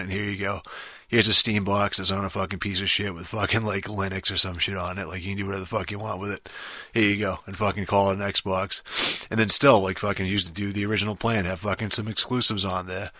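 A man with a rough throat, ranting casually and rambling, swearing constantly and restarting his sentences. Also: deep voice, bright, forceful tone, no room sound. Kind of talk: casual rant.

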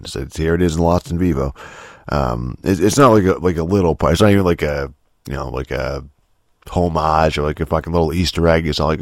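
A man's voice: a bass voice, fairly quick, dry recording, studio quality. A man rambling through a casual, profane rant about a game, exasperated and full of restarts. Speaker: game commentator.

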